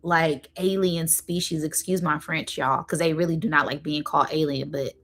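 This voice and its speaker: Casual woman host, somewhat low, channeling spirit messages live, rambling and drawn out. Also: fairly even intonation. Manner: rambling, full of fillers, slowing down to stress points; addresses viewers directly and casually.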